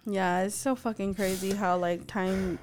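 A woman in her thirties co-hosting a podcast, telling stories with a lot of swearing and lively acted-out quotes. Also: unhurried, slight background noise. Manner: expressive, profane, acts out quotes with big pitch jumps. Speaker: podcast co-host. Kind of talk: casual chat, animated storytelling.

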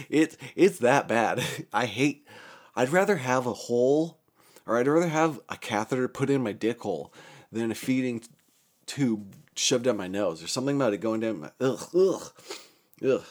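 A man's voice: mid-range voice, normal speed, darkish tone. A young man telling a story in a casual, rambling way, swearing a lot, often breaking off mid-sentence and laughing at his own account while recovering from a stroke.

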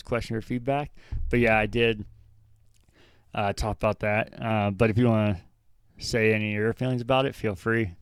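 A young man with a low, smooth voice hosting a relaxed gaming podcast. He thinks out loud and rambles through his points, poking fun at himself. The sound is dry and close. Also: no room sound. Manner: rambling, self-deprecating, thinks aloud. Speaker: podcast host. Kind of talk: casual chat.

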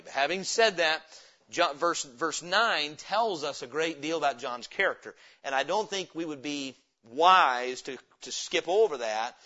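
A man preaching a sermon in a church, his voice bright and forceful and set a little high. He keeps asking the congregation questions and then answers them himself. The recording is dull and lo-fi. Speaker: pastor. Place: church sanctuary.

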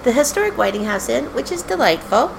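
Brief: woman co-host, slightly high voice, wry teasing quips, faint room hum. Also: big pitch swings, fast, vocal fry. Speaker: travel podcast co-host. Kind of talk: casual chat. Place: room in a historic inn.

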